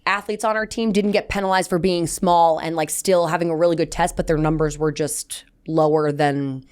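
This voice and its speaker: A woman's voice: low voice, moderate pace, clean tone. A young woman co-hosting a sports podcast, talking in a chatty, casual way. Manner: chatty, animated storytelling with laughs. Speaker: podcast co-host.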